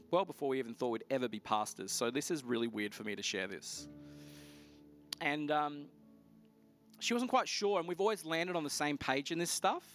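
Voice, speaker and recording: Animated male pastor telling a testimony. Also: medium pitch. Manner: animated storytelling, voice rising sharply when excited. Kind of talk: sermon with personal testimony.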